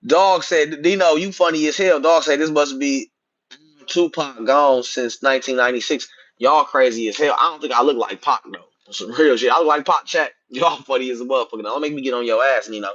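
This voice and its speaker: A man, profanely ranting about boxing to his livestream chat, swinging between loud outbursts and muttered asides. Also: mid-range voice. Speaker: boxing commentator streaming to chat. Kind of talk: casual livestream rant. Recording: dull lo-fi stream audio.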